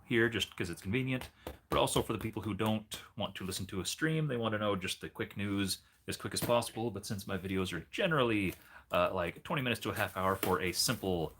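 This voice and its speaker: A man's voice: on the low side, fairly quick, fairly bright tone, a little hiss or hum. A man hosting a casual livestream, chatting in a rambling way and breaking off to talk to his dog. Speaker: livestream host.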